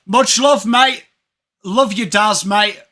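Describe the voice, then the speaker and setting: A man's voice: high-pitched, slow, sharp tone. Chatty English guy streaming live. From England. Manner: chatty, greets chat viewers by name. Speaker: watch-along streamer.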